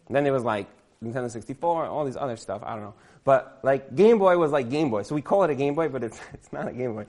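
A man's voice: mid-range voice, animated, fast, a little mellow. Rambling man telling a comic story. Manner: rambling, many "like" fillers, laughs at himself.

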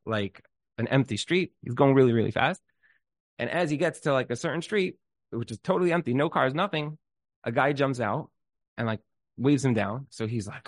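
A man giving an inspirational talk, telling a story in an animated way and often restarting his words. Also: mid-range voice, dry recording.

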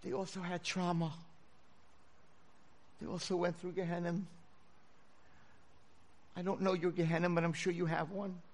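A rabbi giving a sermon to a room of listeners, telling stories dramatically and swinging from a hush to full shouts. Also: male voice, high voice, little pitch movement, normal speed, long pauses. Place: lecture hall with audience.

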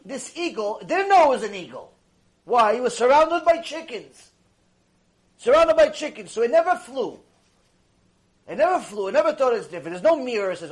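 A man teaching a religious lecture, telling a story in an animated way and repeating phrases for emphasis. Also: very high-pitched, normal speed.

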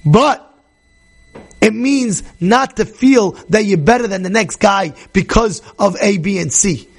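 Rabbi guy giving a class, high voice kinda gravelly, acts stuff out, keeps asking u understand. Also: a little slow. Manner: animated, acts out characters, asks the audience questions. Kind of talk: Torah class lecture.

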